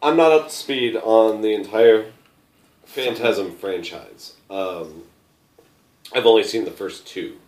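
A man's voice: on the low side, takes it slowly, a little mellow, echoey room, poor audio. A man in a casual podcast chat, asking questions. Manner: asks questions.

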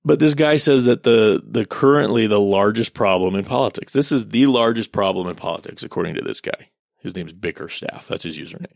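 A man in his thirties with a very low voice and a gravelly, creaky edge. He reads out online posts and tears into them with sarcastic, profane commentary. The sound is dry and close, with no room around it. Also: fairly quick, dry recording.

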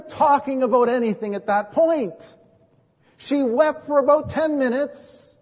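A man preaching as a pastor, telling stories from his ministry and moving between hushed and emphatic delivery. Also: extremely high pitch, measured pace. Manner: storytelling, swings from hushed to emphatic. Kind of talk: sermon with personal testimony. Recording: dull recording in a reverberant hall.

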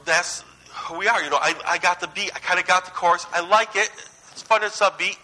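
Male preacher, 30s, high and very bright voice, chatty anecdotal sermon delivery. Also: brisk, rough recording. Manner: conversational, anecdotal, swings between lively and hushed.

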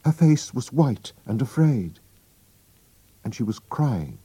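A man slowly and expressively reading a storybook aloud for learners. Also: mid-range voice, very animated, mellow, breathy edge, dry recording. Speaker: narrator.

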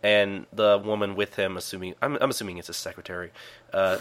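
Man, lowish bright voice, podcast co-host, easygoing manga recap. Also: level tone, fairly quick. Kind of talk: casual chat recapping a manga.

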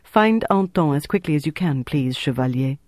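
Man reading as steely woman agent, firm brisk orders, higher voice. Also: expressive, a little mellow, no echo, clean studio sound, natural voice. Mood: commanding. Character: firm commanding female British agent.

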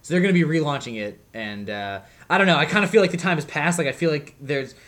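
A man's voice: a little high, expressive, fast talker, fairly bright tone. Guy rambling on a music podcast, um and like everywhere, kinda self-deprecating. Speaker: podcast co-host. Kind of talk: casual chat.

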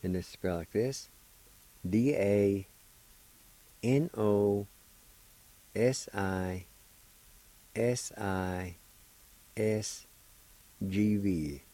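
A man hosting a radio language lesson, slowly spelling and pronouncing words syllable by syllable. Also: on the low side, dark tone, poor audio. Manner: slow, deliberate, spells syllables one at a time. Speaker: language teacher and radio host. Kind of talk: slow spelling and pronunciation lesson.

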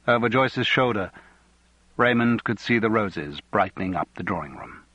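A man reading a novel aloud as audiobook narrator, measured and even. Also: fairly low pitch, breathy edge, no room sound, highs cut off. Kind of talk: scripted narration.

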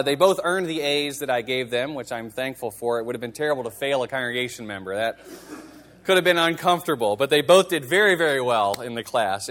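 A man's voice: mid-range voice, a bit bright. A male pastor giving a sermon in a conversational, wry manner, reading scripture and asking the congregation rhetorical questions.

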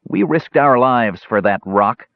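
A man's voice: fairly high pitch, huge pitch swings, brisk, slightly rough, no echo, pitched above the performer's own voice, heavily acted. A man doing a grim commanding young man. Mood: stern. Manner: curt, demanding. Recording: dull lo-fi recording.

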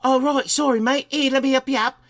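A man doing a friendly British man, higher voice, polite, apologetic. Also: steady tone, a little fast, fairly bright tone.

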